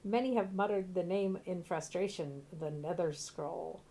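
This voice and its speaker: A woman's voice: fairly low pitch, warm tone, slight background noise. Woman reading as a scheming wizard. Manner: measured, grandiose reading. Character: scheming arrogant male wizard.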